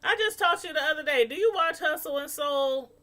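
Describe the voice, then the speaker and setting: A woman casually reviewing a reality show episode, gossiping in an animated way. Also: sits high, brisk. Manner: animated, gossipy, laughing asides.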